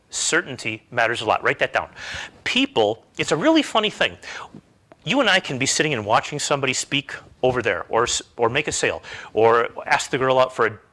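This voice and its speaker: A man's voice: medium pitch, bright, forceful tone. A middle-aged man giving a motivational self-help talk, emphatic and full of rhetorical questions.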